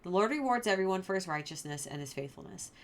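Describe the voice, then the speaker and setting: A woman's voice: mid-range voice, lively intonation, fast. A woman who hosts a Bible study, reading passages aloud and commenting on them in a chatty, informal way. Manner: chatty and informal, lots of "like" and fillers.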